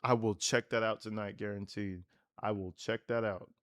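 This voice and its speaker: A man's voice: lowish voice, steady tone, normal speed, a bit bright. A man hosting a livestream, commenting in a blunt, sarcastic way with lots of swearing.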